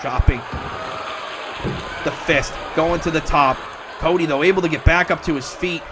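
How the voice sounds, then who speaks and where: A man calling wrestling play-by-play, excitable and breaking into shouts at near-falls. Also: fairly high pitch, normal speed, a crowd in the background, background noise. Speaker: wrestling commentator. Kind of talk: play-by-play commentary.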